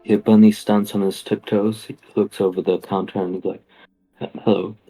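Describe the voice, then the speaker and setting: A man's voice: lowish voice, flat delivery, brisk, dark tone, soft background music, rough recording. A man playing a tabletop game, casually describing his character's actions. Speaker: player.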